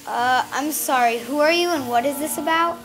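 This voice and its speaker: A woman's voice: high voice, normal speed, fairly bright tone, faint music behind. A woman playing a wary young girl answering the door in an amateur comedy parody, suspicious and questioning.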